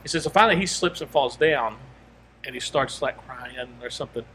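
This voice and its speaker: A man's voice: medium pitch, a little fast, sharp tone, slight background noise. A man co-hosting a podcast, telling a long story in casual chat and rambling through quoted asides and restarts. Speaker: podcast co-host.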